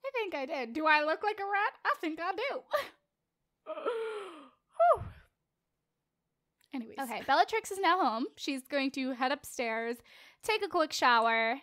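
A woman's voice: sits high, sing-song, measured pace, pauses often, a bit bright, dry recording, clean studio sound. A teenage girl giving casual, playful commentary as she plays a life-simulation game, chatting and joking with her viewers. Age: late teens. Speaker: let's play host.

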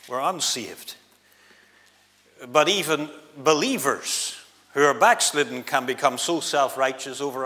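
Man, preacher, bright forceful voice, long church reverb. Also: medium pitch. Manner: dramatic, swings from loud to hushed. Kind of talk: gospel sermon. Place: church hall.

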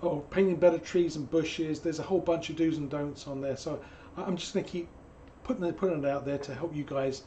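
Hoarse chatty man teaching painting. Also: on the high side, fairly even intonation, a little fast, hardly any pauses, dark tone, slight background noise. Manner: chatty and digressive, with jokey asides. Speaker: painting instructor. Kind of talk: live-stream painting demo with Q&A.

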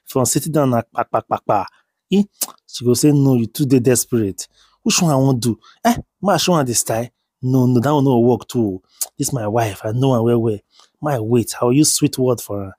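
A man's voice: mid-range voice, brisk, mellow, slightly rough, no echo, studio quality. A man with a Nigerian accent narrating and acting out a comedy skit as a husband, coaxing and pleading in his asides and dialogue.

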